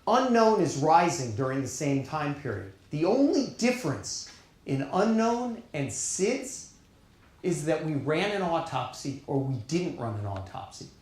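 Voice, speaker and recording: A middle-aged man with a New York accent delivers a conference keynote, his voice sitting on the higher side. He speaks earnestly, leaning on words and pausing between phrases. The sound is heavily echoey, with the reverb of a big hall. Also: big pitch swings, darkish tone. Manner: earnest, emphatic, with deliberate pauses.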